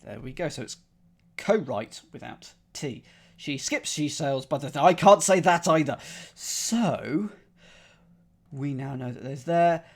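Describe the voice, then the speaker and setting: A man streams himself working through a crossword, thinking aloud as he goes. His voice swings up and down in a lively way, and he shifts between playful asides and quiet muttering to himself. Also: fairly high pitch, a little slow. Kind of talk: live-stream puzzle solving, thinking aloud.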